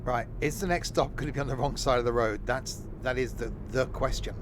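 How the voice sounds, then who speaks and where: Playing a driving game, a male gaming streamer delivers casual, rambling commentary that pokes fun at himself. His medium-pitched voice moves a little fast over a noisy background.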